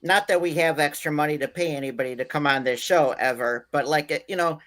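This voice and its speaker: A man's voice: a little high, a little fast, fairly bright tone. A male host steering a casual chat, reacting with short "wow"s and handing off to his co-hosts.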